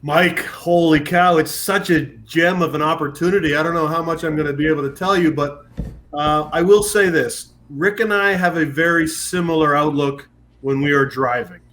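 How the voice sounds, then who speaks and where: A middle-aged man from Canada chats as a podcast guest. His voice sits a little high, and he tells stories with energy, slips in casual swearing and jumps into voices. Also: normal speed. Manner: animated storyteller, swears casually, puts on voices. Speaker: guest, former pro football kicker. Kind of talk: casual chat.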